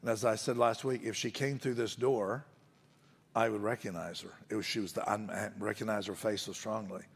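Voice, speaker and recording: Pastor preaching in a reverberant church. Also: male voice, on the low side, fairly even intonation, normal speed, vocal fry, slightly rough. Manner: storytelling, conversational preaching with rising emphasis. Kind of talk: sermon.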